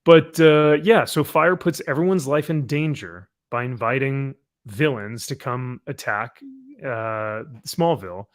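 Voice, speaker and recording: A man's voice: mid-range voice, measured pace. A man hosting a laid-back comic review livestream with a mid-range voice. He recaps plots with sarcastic, mocking asides. The talk is loose and chatty. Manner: sarcastic, reads comic dialogue aloud mockingly. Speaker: comic review show host. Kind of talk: casual livestream chat.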